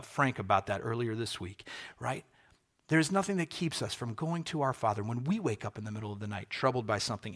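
A man preaching a sermon as pastor, earnest and emphatic, repeating key phrases and slowing down for effect. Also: mid-range voice, fairly bright tone.

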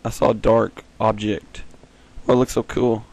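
Rambling jokey gamer guy, gravelly. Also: level tone, moderate pace, darkish tone, no echo. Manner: rambling, jokey, giggly, sudden high squeals. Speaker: gaming video host. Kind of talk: casual let's-play commentary.

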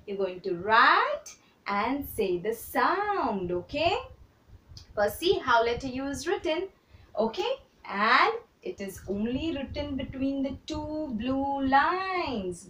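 A woman kindergarten teacher gives a handwriting lesson to small children, slowly repeating steps and praising them. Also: high voice, big pitch swings, fairly bright tone, recorded from a distance, slight background noise. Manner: slow, repetitive, encouraging drills for small children. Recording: roomy echo, voice a little off the mic.

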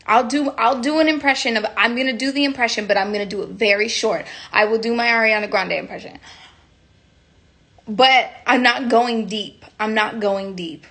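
A woman's voice: a little high, normal speed, bright, forceful tone. A young woman chatting casually on a phone livestream, giggling, rambling and cutting herself off mid-sentence. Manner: giggly, rambling, self-interrupting.

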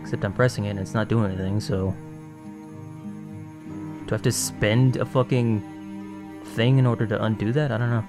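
While playing a video game, a gaming channel host mutters drowsily to himself, swearing occasionally and admitting he's sleepy as he yawns. His lowish voice stays steady at a moderate pace with frequent pauses, and music plays underneath.

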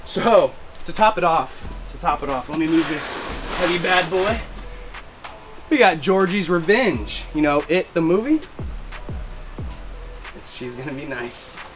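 A man showing off his gear in a casual vlog, excitable and slangy, repeating catchphrases and whooping. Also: fairly high pitch, a little slow, long pauses. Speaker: fireworks vlogger. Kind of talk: casual show-and-tell vlog. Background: background music.

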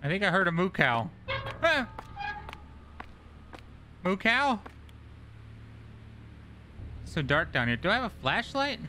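Animated, bright-voiced male gamer. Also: sits high, slow pace, long pauses, slight background noise. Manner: animated, jokey, squeals at animals. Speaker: gaming streamer. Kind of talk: let's play commentary. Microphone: studio dynamic mic.

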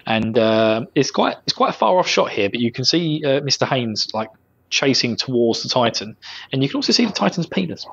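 A man's voice: medium pitch, big pitch swings, a little fast, creaky, fairly bright tone, breathy edge, dull audio. A man co-hosting a casual podcast, chatting loosely and laughing often. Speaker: podcast co-host. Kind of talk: casual chat.

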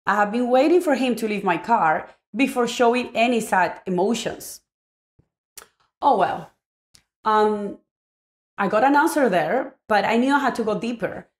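A woman's voice: fairly high pitch, lively intonation, measured pace. Earnest woman. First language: Spanish. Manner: reflective, earnest, with frequent restarts. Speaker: parenting vlogger. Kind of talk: personal story to camera.

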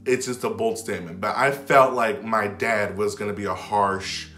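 A man with a lowish voice tells his own story to camera, rambling loosely and packing his sentences with "like" and false starts. He sometimes sinks into a near hush as he relives a moment. The room rings with echo, and faint music plays underneath. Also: fairly even intonation, moderate pace. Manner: rambling, filled with "like" and restarts; drops to a hush when retelling whispered moments. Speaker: vlogger.

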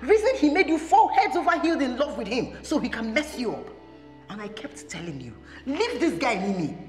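A woman's voice: high-pitched, sing-song, moderate pace, darkish tone. An actress with a Nigerian accent playing an outspoken, protective female friend who scolds and comforts in Pidgin-laced speech. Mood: consoling. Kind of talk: Nollywood film acting. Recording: echoey room with music underneath.

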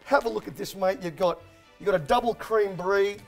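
A man's voice: sits high, brisk, gravelly, faint music behind. An Australian man hosting a comedic sports talk show, blokey and rambling, calling everyone mate.

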